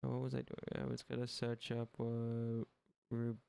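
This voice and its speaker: Gravelly, flat-toned Irish streamer guy. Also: mid-range voice, a little slow. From Ireland. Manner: rambling, sweary, dry sarcasm. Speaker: livestream gaming host. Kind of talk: casual live-stream chat.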